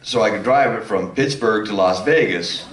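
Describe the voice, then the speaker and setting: A former circus clown on a convention panel telling a long anecdote, rambling with restarts and self-mocking laughs. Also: male voice, on the low side, normal speed, crowd noise. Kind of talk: telling a funny anecdote to an audience. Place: convention hall. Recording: echoey hall, mic some distance off.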